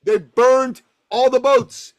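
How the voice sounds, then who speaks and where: High-pitched emphatic man giving advice. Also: steady tone, slow pace. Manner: emphatic, repeats words for stress, acts out clients' voices. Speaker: business coach, podcast guest. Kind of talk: energetic storytelling advice.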